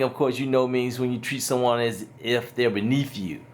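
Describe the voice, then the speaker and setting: A man's voice: mid-range voice, moderate pace, few pauses, a little hiss or hum. A man talking to his son in a home lesson, explaining plainly and a bit ramblingly. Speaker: parent teaching his son.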